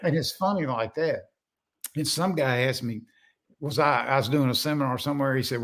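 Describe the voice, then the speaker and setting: A man's voice: medium pitch, a little fast, fairly bright tone. An older man, a podcast guest telling folksy, rambling stories with many restarts. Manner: folksy, rambling, self-interrupting. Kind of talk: casual storytelling.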